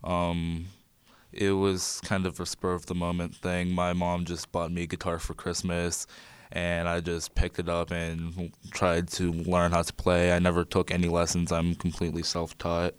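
A teenage boy, a student musician, talking about his songs in a radio interview, soft-spoken and reflective, with some hesitant fillers. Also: low-pitched, completely flat delivery, moderate pace, clean tone, no room sound. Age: teens.

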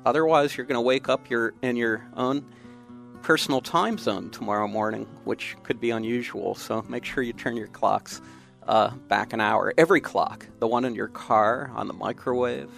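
A man's voice: mid-range voice, fairly even intonation, moderate pace, creaky, fairly bright tone, soft background music. A man hosting a radio talk show from the studio, chatty and giving out call-in details. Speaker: radio host.

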